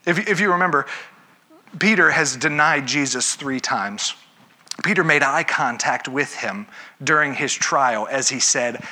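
A man's voice: mid-range voice, bright, forceful tone. A man preaching a sermon, telling the story with animation and acting out the characters. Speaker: pastor.

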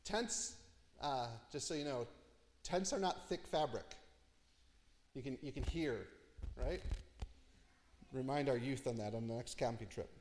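A man preaching an expository sermon, telling the story with lively asides and dropping low and quiet for emphasis. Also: unhurried, long pauses, in a large hall. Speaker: pastor.

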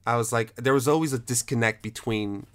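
This casual film chat's host has a smooth, middle-pitched voice and talks fairly quickly. He's animated and emphatic, swears freely, and restarts plenty.

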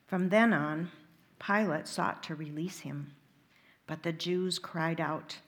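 Woman lector, liturgical Gospel reading, deliberate delivery, slightly low voice, slow pace. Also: steady tone. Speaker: reader.

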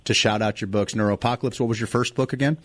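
A man's voice: lowish voice, fairly even intonation, a bit bright. A man hosting a talk radio show, joking around while wrapping up an interview and heading to break. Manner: fast, jokey, thanking and wrapping up.

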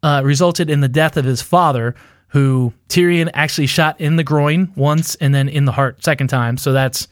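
Rambling man with a slightly high voice. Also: normal speed, dry recording, studio quality. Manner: rambling, filler-heavy, laughs at his own theories. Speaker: podcast co-host. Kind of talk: casual fan-theory chat.

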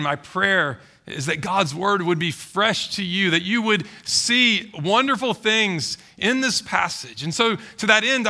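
High, gravelly-voiced man preaching a sermon. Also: bright, forceful tone. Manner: earnest, emphatic preaching with repeated phrases. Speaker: pastor.

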